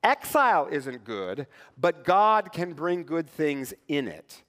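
Hombre predicador en una iglesia resonante. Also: male voice, a little high, slow pace. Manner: conversational, animated, acts out quoted voices. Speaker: pastor. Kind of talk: sermon. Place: church sanctuary. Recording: long church hall reverb.

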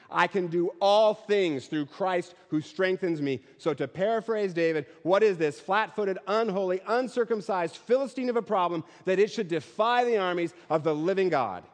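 A male pastor preaching a Christmas sermon with rhythmic, building repetition. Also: sits high. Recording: long hall reverb.

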